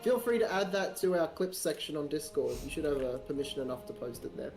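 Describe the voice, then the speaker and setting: A man's voice: on the high side, lively intonation, fast talker, few pauses, over music. A man streaming a game live, chatting casually, playful and teasing, laughing often.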